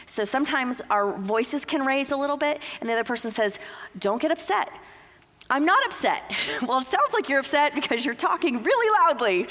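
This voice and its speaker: A woman speaking at a couples conference in a church hall, lively and acting out little quoted exchanges as she teaches. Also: fairly high pitch. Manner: lively, uses acted-out quotes. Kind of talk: conference talk. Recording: long reverb of a large hall.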